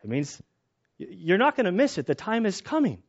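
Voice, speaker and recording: A man preaching a sermon in a casual, conversational way, telling personal stories and getting animated when excited. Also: sits high, brisk, breathy edge, dull audio. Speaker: pastor.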